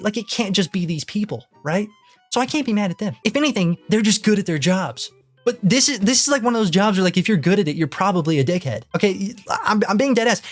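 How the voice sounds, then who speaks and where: A young man ranting casually to camera, exasperated and swearing freely, repeating himself as he gets worked up. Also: sits high. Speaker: YouTuber. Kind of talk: ranting commentary.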